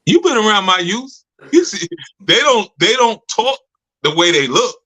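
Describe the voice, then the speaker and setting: Bright-voiced man telling stories, laughing often. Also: high-pitched, very animated, moderate pace, poor audio. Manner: laughs often, loose colloquial storytelling. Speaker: community leader speaking to members. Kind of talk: casual storytelling talk.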